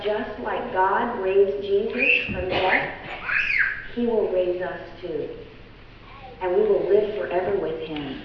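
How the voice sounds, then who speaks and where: A woman leading a children's sermon in church, coaxing and gentle as she talks to small children. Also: mid-range voice. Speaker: children's message leader at church. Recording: echoey hall, distant mic, noisy and dull.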